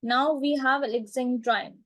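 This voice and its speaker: Woman teacher, higher voice, very slow deliberate delivery, repeats herself. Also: fairly even intonation, a bit bright, dry recording, poor audio. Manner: slow, repetitive, checks understanding with "right?" and "clear?". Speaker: literature teacher. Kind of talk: classroom lecture.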